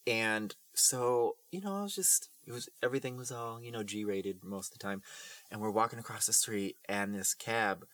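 A man co-hosting a podcast, chatting casually with playful quick quips and telling a story. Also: fairly low pitch, fairly bright tone. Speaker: podcast co-host. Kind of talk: casual chat.

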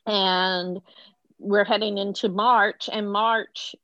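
A woman's voice: medium pitch, fairly even intonation, slow, sharp tone, no room sound, highs cut off. A middle-aged woman telling a personal story as a podcast guest, acting out the voices of the people she quotes.

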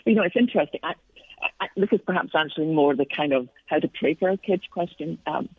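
Middle-aged Scottish woman, earnest guest; gravelly, husky, dry tinny phone line. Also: deep voice, fast, dry recording. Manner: earnest, reflective storytelling. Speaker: Christian author and speaker, guest. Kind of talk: casual interview on faith.

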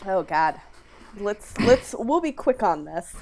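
A woman's voice: medium pitch, big pitch swings, slow pace, darkish tone. A woman co-hosting a podcast in casual chat, chatty and sarcastic, laughing often. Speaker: podcast co-host.

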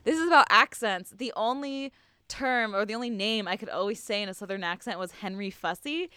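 American girl rambling on a podcast, smooth clear voice, dry close sound, lots of likes and ums. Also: mid-range voice, animated, brisk, sharp tone, no room sound. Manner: chatty, giggly, rambling with many fillers. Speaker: podcast co-host. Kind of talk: casual podcast chat.

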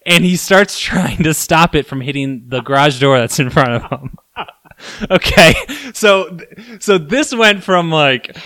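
A man hosting a casual podcast, telling a story in an animated way and acting out his own shouts. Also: fairly high pitch, measured pace, no echo, clean studio sound. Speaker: podcast host.

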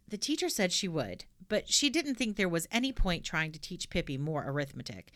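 A woman reading a children's storybook aloud with an expressive delivery. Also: on the low side, fairly quick, few pauses.

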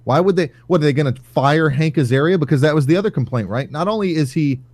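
Host, male, higher-pitched voice, heated sarcastic profane rant. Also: quick pace, darkish tone, no room sound. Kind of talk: casual ranting chat.

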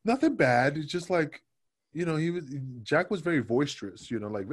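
A man telling stories as a guest on a podcast interview in a casual, animated way, acting out other people's lines in quoted voices. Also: on the high side, normal speed.

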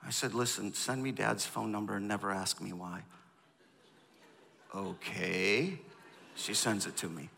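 A man's voice: lowish voice, a little slow, vocal fry, pauses often, big-room sound. A pastor in his fifties telling a candid personal story in a sermon, acting out both sides of the conversations. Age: 50s. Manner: candid, animated storytelling, acts out dialogue.

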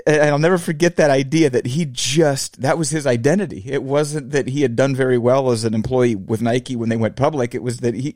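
A man's voice: mid-range voice, fairly even intonation, fairly quick, few pauses, a little mellow, no echo, studio quality. A man in his forties hosting his own podcast, talking reflectively in a casual solo monologue and addressing listeners as fellow fabricators. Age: 40s. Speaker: podcast host.

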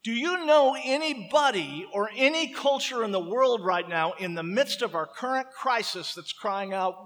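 Male pastor, high voice, slow deliberate sermon delivery, long hall reverb. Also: animated, fairly bright tone. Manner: impassioned preaching, dramatic slow emphasis.

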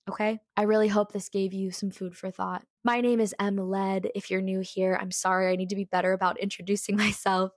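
A woman's voice: mid-range voice, dry recording. Earnest woman hosting a podcast, close and dry. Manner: earnest, heartfelt, emphatic. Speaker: podcast host. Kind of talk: solo motivational podcast monologue.

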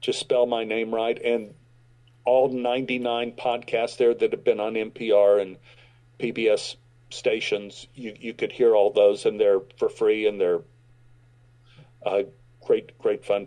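A middle-aged man, a guest actor, telling a lively anecdote and acting out the quotes of the people in it. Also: on the low side, a little slow, low-quality recording. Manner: animated storyteller acting out quotes. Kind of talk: storytelling anecdote.

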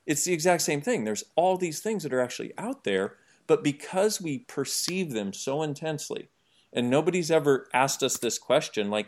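Animated man explaining ideas as a guest. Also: a little high, normal speed. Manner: animated, jokey, explains with examples. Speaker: podcast guest. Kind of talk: conversational interview.

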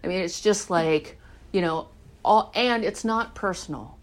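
Candid, animated woman with a low voice. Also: measured pace. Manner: candid and animated, swearing freely. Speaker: recovery speaker. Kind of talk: personal recovery talk.

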